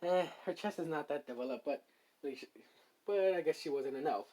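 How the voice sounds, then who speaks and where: A man's voice: on the high side, a little fast, a little mellow, natural voice. Cocky young slime hero, slangy and boastful, read by a man. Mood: casual.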